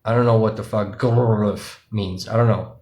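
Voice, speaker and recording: A man's voice: fairly low pitch, fairly even intonation, normal speed, darkish tone. A man, an independent livestream journalist, talking casually and profanely to his viewers, explaining things directly to them. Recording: roomy echo.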